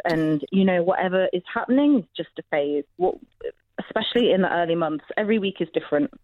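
A woman, a new mother, guesting on a radio show and talking in a relaxed, laid-back way with dry humour. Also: fairly low pitch, fast, no echo, narrow, tinny audio. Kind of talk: casual interview chat.

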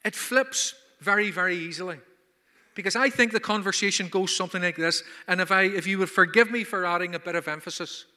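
A man's voice: sits high, brisk, bright, forceful tone, in a large hall. A man preaching a sermon at a conference, emphatic and full of rhetorical questions. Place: conference hall.

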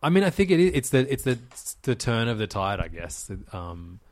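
A man's voice: medium pitch, very animated, normal speed, a little mellow, no echo. A man co-hosting a casual games podcast, rambling and hesitant, with many fillers and casual swearing. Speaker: podcast co-host. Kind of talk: casual chat.

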